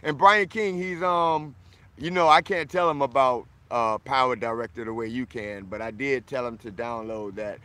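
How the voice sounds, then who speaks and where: A man's voice: mid-range voice, normal speed, bright, forceful tone, no echo. A man from Florida hosting a casual livestream, boisterous and friendly, greeting viewers by name as he answers their comments.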